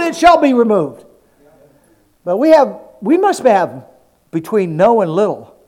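A pastor preaching an animated sermon, acting out Bible stories and calling for amens from the congregation. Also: male voice, very high-pitched, moderate pace.

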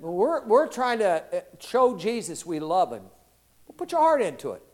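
A man in his sixties preaching a sermon in a folksy, animated way, calling out to the congregation for responses. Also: high voice, normal speed. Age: 60s.

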